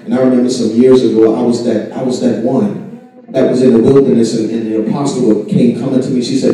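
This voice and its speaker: Mellow-voiced man giving testimony. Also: mid-range voice, little pitch movement, brisk. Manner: heartfelt, emotionally stirred. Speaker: church speaker. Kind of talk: spoken testimony in church. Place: large church hall. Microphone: room mic far from speaker. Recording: echoey church hall from far off.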